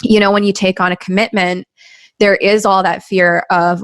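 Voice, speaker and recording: A woman's voice: medium pitch, flat delivery, normal speed, clear, resonant tone, no echo. Woman podcast host, earnest and encouraging, laughs a lot, dry close sound. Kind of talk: casual conversational interview.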